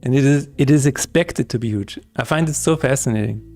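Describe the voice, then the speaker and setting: A man's voice: medium pitch, a little fast, darkish tone, soft background music. A man streaming his game-development work who chats casually, jokes and rambles through asides, laughing often. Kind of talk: casual live-stream chat while coding.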